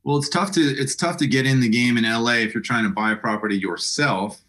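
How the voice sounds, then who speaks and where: A man's voice: mid-range voice, a little fast, a bit bright. A middle-aged man talking as an interview guest, often restarting and repeating words as he tells his story. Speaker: guest, apartment broker. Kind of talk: casual interview conversation.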